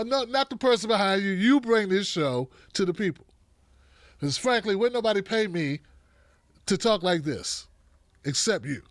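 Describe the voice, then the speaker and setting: A man with a rather high voice hosts a live stream, chatting loosely and playfully with his viewers. His throat is dry and he keeps clearing it. The sound is dry and close, with no room echo. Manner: lively and animated, playful asides to viewers. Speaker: host of a live online show. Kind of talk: casual live-stream chat, greeting viewers.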